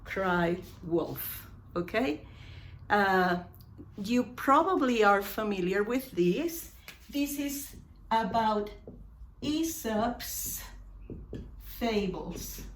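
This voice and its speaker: A woman teaching an English lesson, repeating example phrases slowly for emphasis. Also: mid-range voice, expressive, slight background noise.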